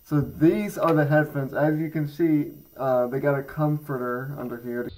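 A man's voice: fairly high pitch, steady tone, moderate pace, a little mellow, slight background noise, rough recording. A teenage boy rambling casually through a headphone review for his channel, with many fillers and self-mocking jokes. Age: teens. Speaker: gaming channel creator. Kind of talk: casual product review vlog.

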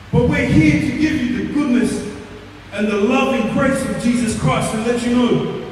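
High-voiced preacher in an echoing hall. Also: male voice, fairly even intonation, measured pace. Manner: impassioned, rising to shouts. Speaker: evangelist. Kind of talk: altar-call sermon. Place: large concert hall. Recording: echoey hall, distant mic, music. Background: music playing under the sermon.

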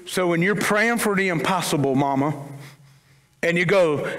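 A man's voice: fairly high pitch, normal speed, fairly bright tone. A man preaching a sermon to his congregation, casual and conversational, with humorous asides. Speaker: pastor. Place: church sanctuary. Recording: long church-hall reverb.

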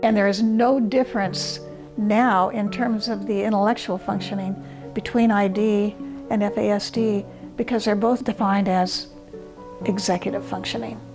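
A woman speaking as an expert in a documentary interview, explaining in a measured way over soft guitar music. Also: mid-range voice, fairly even intonation. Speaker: expert on fetal alcohol disorders.

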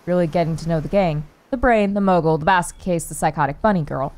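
A woman's voice: on the low side, fast, darkish tone, voice pushed down, close to an everyday voice. A woman reading a snarky game narrator. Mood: wry.

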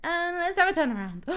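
Bubbly high-voiced woman. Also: a bit bright. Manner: bubbly, gushing, giggly. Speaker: Minecraft let's player. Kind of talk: casual gameplay commentary.

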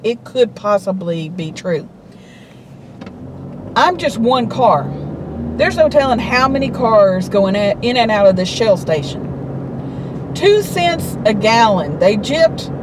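Middle-aged woman vlogger, higher voice, chatty indignant storyteller, traffic noise behind. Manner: chatty, indignant, drawn-out telling. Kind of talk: casual storytelling.

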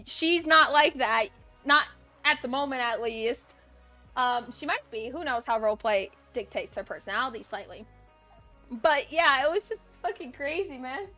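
Bright, high-voiced excitable woman streamer. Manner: chatty and excitable, swearing casually. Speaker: livestreamer. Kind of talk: casual chat on a live stream.

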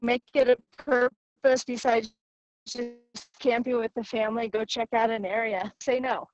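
A woman speaking on a poor call from outdoors in the woods, encouraging and halting. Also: a little high, fairly even intonation. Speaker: panelist. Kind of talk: casual talk from outdoors on a call. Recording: dull lo-fi call audio.

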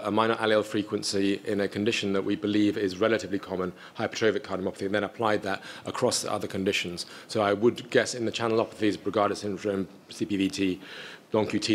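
A man with a lowish voice delivers a scientific presentation at a conference. He speaks in a measured, technical way, often restarting phrases as he explains data and takes questions. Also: slight background noise. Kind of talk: scientific talk and Q&A answers.

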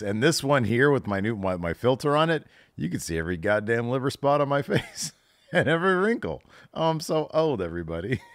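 A man's voice: mid-range voice, no echo, clean studio sound. A middle-aged man hosting a wrestling podcast, reacting in casual commentary with sarcastic, self-mocking outbursts.

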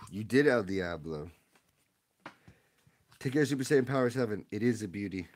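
A man opening trading card packs on a live stream, chatting excitedly with his viewers in a casual, rambling way. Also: lowish voice, normal speed, slight background noise.

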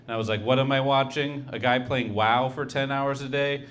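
A man doing a stand-up set with a halting, rambling delivery, trailing off and restarting his jokes. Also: medium pitch, steady tone, fairly bright tone. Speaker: stand-up comedian.

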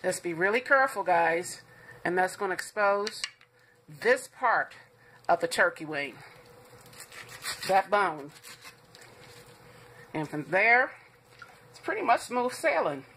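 A woman's voice: mid-range voice, big pitch swings, takes it slowly, pauses often, fairly bright tone, a little hiss or hum. Chatty woman hosting a home cooking demo. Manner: chatty, reassuring, talks to viewers as "guys". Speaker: cooking show host.

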